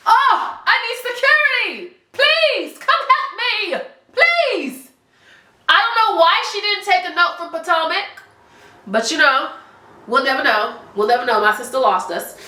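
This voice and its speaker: Sassy high-voiced congested woman. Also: reverberant. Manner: animated, sassy, blunt with profanity. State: congested, stuffy nose. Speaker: commentary vlogger. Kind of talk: casual reality TV commentary.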